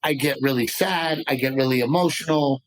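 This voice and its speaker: A man's voice: mid-range voice, a little fast, low-quality recording. A man, a comedian guest in a casual podcast interview, talking passionately in rambling bursts. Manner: passionate, rambling, animated storyteller.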